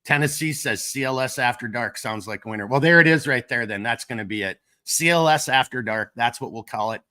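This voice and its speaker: Bright-voiced Minnesotan man with a cold. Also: mid-range voice, brisk. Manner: rambling, self-deprecating, joking. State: coming down with a cold or flu. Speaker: livestream host of a gear company channel. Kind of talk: casual rambling livestream chat.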